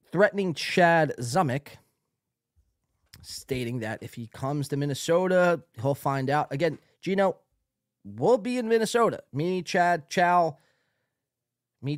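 Man, podcast host, lively swooping pitch, fairly high voice, dry close sound, casual and profane. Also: no echo. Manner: profane, rambling, reads chat aloud. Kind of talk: casual live-stream commentary.

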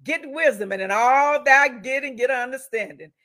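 A woman's voice: high voice, moderate pace, a bit bright. Emphatic woman preaching. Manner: emphatic, repetitive, calls out to listeners. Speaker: host and prayer leader. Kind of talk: preaching-style inspirational broadcast talk.

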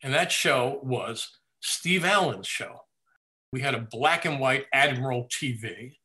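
An older man in an interview, recounting family memories in a lively storytelling way and laughing at his own anecdotes. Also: mid-range voice, measured pace. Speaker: interview guest. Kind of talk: reminiscing in a conversational interview.

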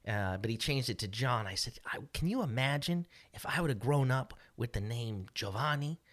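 A man's voice: mid-range voice, lively intonation, moderate pace, fairly bright tone. A middle-aged man co-hosting a podcast, telling a story casually in a rambling way with many restarts and fillers. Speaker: podcast co-host.

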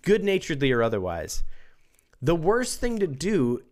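A man's voice: fairly high pitch, huge pitch swings, moderate pace, darkish tone. A man co-hosting a podcast, reading a book aloud with wry, dry asides. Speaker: podcast co-host. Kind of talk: casual chat and book reading.

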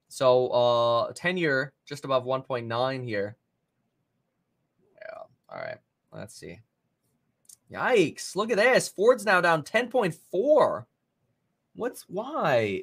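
A man hosting a live stock market stream, giving casual running commentary with sudden excited outbursts. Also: on the high side. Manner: casual, thinking aloud, bursts of excited exclamations. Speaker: stock market livestream host.

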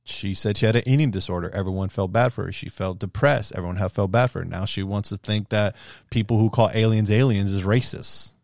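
A man's voice: fairly low pitch, fairly quick, creaky, a little mellow, no echo, clean studio sound. A man co-hosting a casual chat podcast, joking and laughing a lot. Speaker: podcast co-host.

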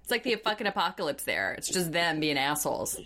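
Deep-voiced woman, blunt and sweary. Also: sing-song, fairly quick, pushed and bright, slight background noise. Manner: blunt, swears freely, sarcastic. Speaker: podcast host. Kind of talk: casual recap chat.

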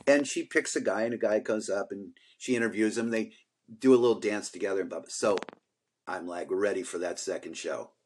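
A man's voice: fairly low pitch, brisk. An older man co-hosting a podcast, telling long stories in a casual, rambling way with lots of fillers. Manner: rambling, animated storyteller with many fillers. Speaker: podcast co-host. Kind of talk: casual storytelling chat.

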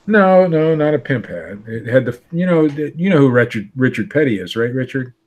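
A man's voice: mid-range voice, expressive, moderate pace, a little mellow. A man in his fifties co-hosting a podcast, bantering stubbornly and laughing often. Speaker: podcast co-host. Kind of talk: casual banter.

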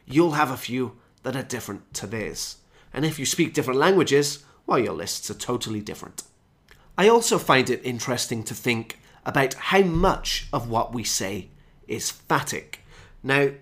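A man hosting a podcast lesson for English learners, explaining phrases and slowing down to stress key ones. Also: mid-range voice, a bit bright. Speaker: English teacher and podcast host.

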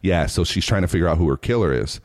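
Casting: deep-voiced man from Reno, animated storyteller, swears a lot, laughs often. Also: quick pace. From Reno, Nevada. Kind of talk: casual chat.

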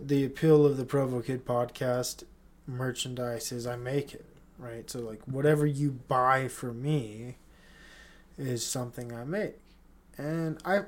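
A man's voice: mid-range voice, darkish tone. A man hosting his own podcast, rambling in a casual solo rant with lots of swearing, restarts and incredulous questions. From Utah. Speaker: podcast host.

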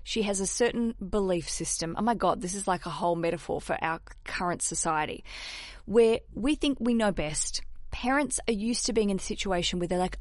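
A woman hosting a podcast, giving casual advice, animated and candid, swearing freely and laughing at herself. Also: mid-range voice, moderate pace, no room sound, studio quality. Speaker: podcast host.

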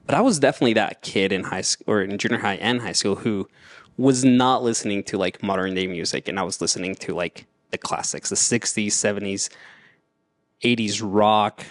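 Podcast guy, kinda low voice, rambly, repeats himself, dry close sound. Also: brisk, dry recording. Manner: rambling, repeats words, upbeat. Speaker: podcast co-host. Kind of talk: casual podcast chat.

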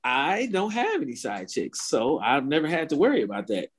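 A man co-hosts a relaxed conversation, his voice rising and falling in a lively way. His joking is wry and mock-formal. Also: medium pitch, normal speed. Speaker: podcast co-host. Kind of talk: casual chat.

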